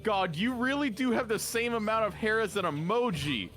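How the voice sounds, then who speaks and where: A man's voice: high voice, moderate pace, a bit bright, faint music behind. A man co-hosting a livestream, joking in a dry, sarcastic way. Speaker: co-host. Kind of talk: casual livestream chat.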